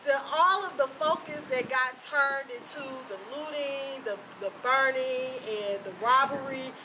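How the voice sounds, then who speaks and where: A woman's voice: sits high, a little slow, over music, rough recording. A woman speaking to a gathering, indignant and heartfelt. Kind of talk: addressing a gathering.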